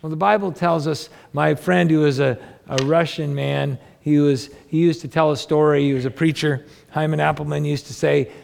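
A man's voice: on the high side, steady tone, moderate pace, creaky, hardly any pauses, a little mellow. A man preaching a sermon, reading scripture and asking his listeners earnest rhetorical questions. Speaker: pastor.

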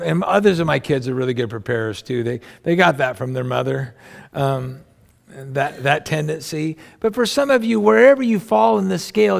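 A man's voice: a little high, vocal fry. A middle-aged man giving a conversational sermon as a pastor, rambling and folksy, with plenty of asides. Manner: rambling, folksy, with family anecdotes and many asides.

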